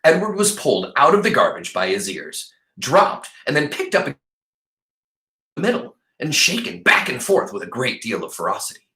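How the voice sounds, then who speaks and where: A male teacher reading a novel aloud to his class in an expressive, animated way. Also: mid-range voice, moderate pace, echoey room.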